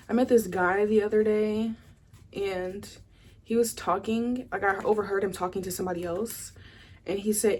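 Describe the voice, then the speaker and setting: A young woman from the Southern United States gives a casual pick-a-card tarot reading, rambling chattily with lots of "like" and "you know." Her mid-range voice is darkish, with fairly even intonation and normal speed, and there's a little hiss or hum.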